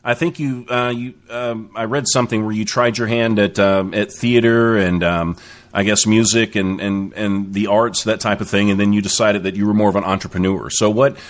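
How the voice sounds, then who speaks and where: A man hosting a casual interview, eager and excited, often stopping and restarting his questions. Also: fairly low pitch. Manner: eager, halting with many restarts. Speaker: host.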